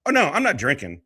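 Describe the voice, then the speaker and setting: A man's voice: a little high, pushed and bright, husky, no echo. A man hosting a casual livestream, talking in a rambling, profane, emotional way. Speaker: livestream host and veteran.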